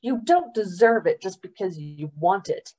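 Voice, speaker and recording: A woman's voice: mid-range voice, sing-song, normal speed, warm tone, husky. Woman voicing stubborn earnest boy, Pong. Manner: earnest, firm.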